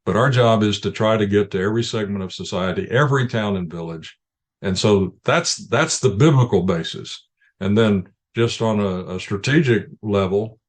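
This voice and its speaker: A man, a ministry leader, answering interview questions in an earnest, explanatory way with frequent restarts. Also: lowish voice.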